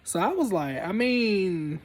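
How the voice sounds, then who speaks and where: A man's voice: high-pitched, sing-song, slow pace. A young man casually telling a story from his college days, laid-back and full of fillers. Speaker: storyteller host.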